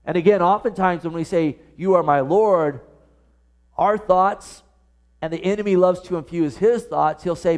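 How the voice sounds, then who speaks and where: A man's voice: high voice, moderate pace, darkish tone. A pastor preaching a sermon to his congregation, earnest and full of direct questions to his listeners. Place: church service.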